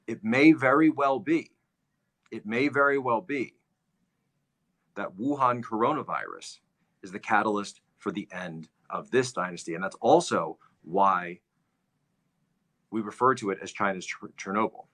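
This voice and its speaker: Male commentary host: low-pitched, forceful delivery, lecturing with emphatic repetition. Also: unhurried, pauses often. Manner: emphatic, repeats phrases for stress. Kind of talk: livestream commentary, history lecture.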